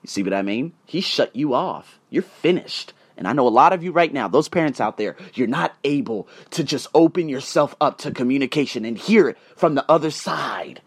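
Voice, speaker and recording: A man hosting his own podcast, telling personal stories in a casual motivational monologue, swinging between loud emphasis and quiet asides. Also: medium pitch, animated, moderate pace, few pauses, slightly rough. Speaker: podcast host.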